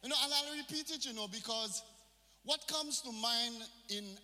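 Bright, high-voiced pastor in reverberant church. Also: male voice, moderate pace. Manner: call-and-response, mixes in Creole phrases. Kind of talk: sermon.

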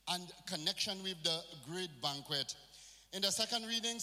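A man's voice: high-pitched, bright, forceful tone. A male pastor preaching a sermon in a church, with call-and-response and phrases mixed in. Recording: reverberant church hall.

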